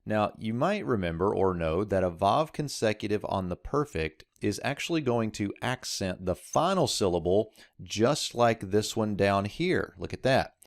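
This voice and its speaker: Low male teacher, explanatory walk-through of a verse, dry close mic. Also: animated, moderate pace, hardly any pauses, dry recording. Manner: explanatory, walking through text on screen. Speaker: Hebrew teacher. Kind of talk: verse-by-verse language lesson.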